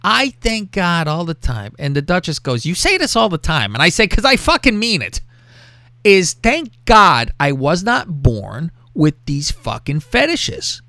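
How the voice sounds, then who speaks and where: A man's voice: fairly high pitch, very animated, a little slow, pushed and bright, no room sound. A man hosting a podcast, talking crudely and animatedly, often mimicking other people's voices. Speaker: podcast host. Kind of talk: crude casual chat.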